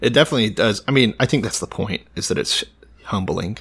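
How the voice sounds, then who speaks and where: Easygoing man with a low voice. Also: animated, fast talker, a bit bright, slightly rough. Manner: easygoing, reads passages aloud. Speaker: podcast co-host. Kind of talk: casual podcast chat.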